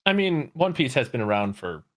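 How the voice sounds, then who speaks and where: A man's voice: medium pitch, big pitch swings, fairly quick. A man co-hosting an anime podcast in casual chat, laid-back and rambling, swearing casually. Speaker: podcast co-host.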